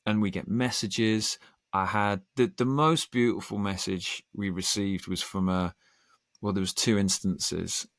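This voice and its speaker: A man's voice: lowish voice, fairly even intonation, dry recording, studio quality. A man, a podcast guest telling earnest stories in casual conversation. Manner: earnest, storytelling, quick bursts. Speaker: podcast guest, band singer.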